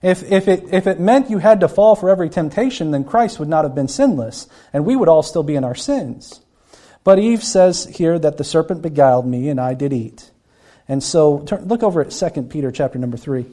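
A man's voice: on the high side, animated, a little fast, warm tone. A man preaching a Bible-teaching sermon, earnest and often repeating words as he acts out the people he quotes.

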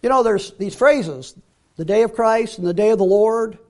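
A man giving a Bible teaching sermon, emphatic, repeating key phrases and dropping to quiet asides. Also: sits high, normal speed.

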